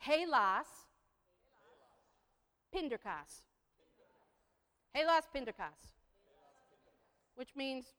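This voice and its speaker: A woman's voice: high voice, animated, slow pace, pauses often, fairly bright tone. A woman giving a playful talk to an audience, leading them in repeating phrases. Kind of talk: lively presentation with audience participation. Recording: long hall reverb.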